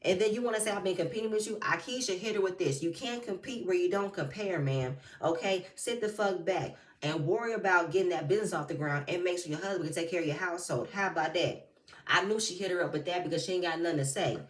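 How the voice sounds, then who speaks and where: A woman's voice: lowish voice, quick pace, roomy sound, distant mic. A woman giving blunt, profane, heated commentary as she recaps a reality TV reunion. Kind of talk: casual commentary.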